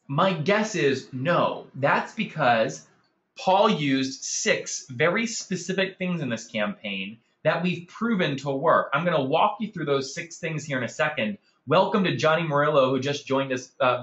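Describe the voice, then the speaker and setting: Bright, upbeat man hosting a webinar. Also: on the high side, lo-fi sound. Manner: enthusiastic, addresses attendees by name. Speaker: webinar host. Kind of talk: upbeat marketing webinar presentation.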